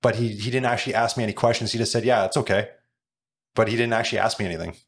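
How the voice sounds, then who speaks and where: A man from Canada hosts a casual podcast, talking briskly in a lowish voice. He tells chatty personal anecdotes in an easy conversational way. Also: fairly even intonation. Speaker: podcast host.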